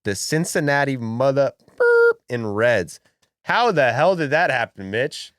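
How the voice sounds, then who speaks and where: A young man co-hosting a podcast in casual sports chat, brash and animated, swearing freely. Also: medium pitch, a little slow, no echo, clean studio sound. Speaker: podcast co-host.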